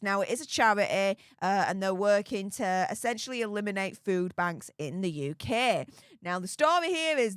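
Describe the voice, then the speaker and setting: A woman's voice: mid-range voice, fairly bright tone, clean tone, no room sound, studio quality. A woman hosting a casual commentary vlog, talking in a sarcastic, mocking way and exclaiming often. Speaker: commentary channel host.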